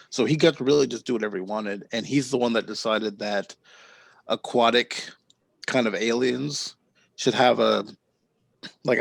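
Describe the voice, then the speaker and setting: Male podcast host, casual storyteller, gravelly and dry. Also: medium pitch, dry recording. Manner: rambling storyteller, quick to laugh.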